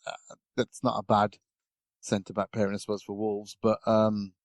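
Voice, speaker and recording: A man talks in a relaxed, rambling way, full of ums and restarts. His voice sits fairly low, and the recording is dry and close with no room sound. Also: moderate pace, no echo. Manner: rambling, chatty, lots of fillers and restarts. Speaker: guest pundit. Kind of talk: casual podcast chat.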